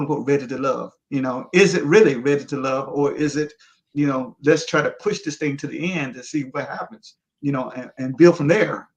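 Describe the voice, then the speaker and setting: A man from New Orleans speaks as a guest on a casual panel. His voice sits a little high for a man. He rambles, hesitates and leans on "you know" as he talks.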